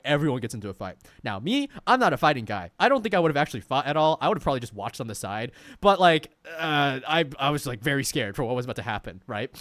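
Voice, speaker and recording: Young male streamer, animated storyteller, rambling with lots of fillers, slightly high voice, dry close sound. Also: no echo. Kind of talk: casual storytelling.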